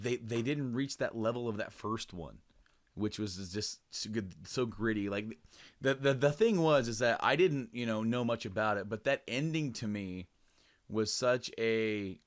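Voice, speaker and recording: This podcast co-host is a young man with a lowish voice who chats casually and rambles, full of fillers and false starts. He curses without hesitation and raises his voice whenever he acts out a quoted line.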